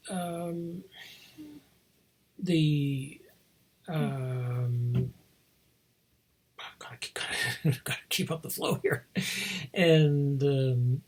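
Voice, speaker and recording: A man with a very husky, breathy voice talks casually as a podcast host, wandering through a film's story. He digresses often and restarts his sentences, at a middling pitch. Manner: rambling, digressive, many fillers and restarts. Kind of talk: casual film review.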